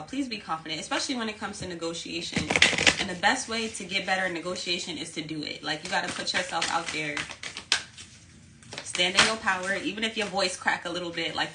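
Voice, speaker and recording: Low-voiced woman giving a tarot reading. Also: heavy background noise. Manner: candid, repeats phrases, swears casually. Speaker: tarot reader.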